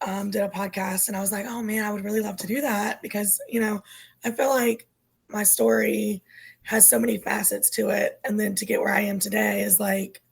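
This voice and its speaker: Gravelly, husky woman losing her voice. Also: mid-range voice, normal speed, low-quality recording. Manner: earnest, animated storytelling. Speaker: guest. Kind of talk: candid personal interview.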